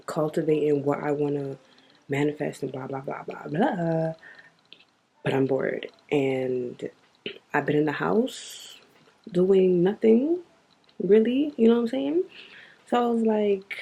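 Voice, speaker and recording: A woman's voice: sits low, vocal fry, dark tone, breathy edge. A young woman in her twenties talking bluntly and profanely in a casual video diary. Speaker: vlogger.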